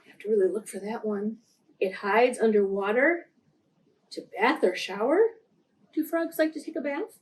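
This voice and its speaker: A woman reading picture books aloud for preschool story time, gently pausing to ask the children questions. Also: on the high side.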